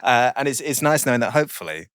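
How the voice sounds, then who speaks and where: A man, a comedian, chatting sheepishly and in halting starts on a comedy podcast. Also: medium pitch, expressive, fairly bright tone, smooth, dry recording, studio quality. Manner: sheepish, halting, self-deprecating. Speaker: comedian guest. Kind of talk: casual banter on a comedy podcast.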